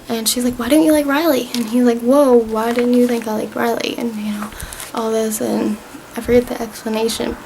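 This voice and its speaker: A woman's voice: a little high, slight background noise, rough recording. A young woman vlogger casually recapping a TV season, rambling and gushing as she retells scenes.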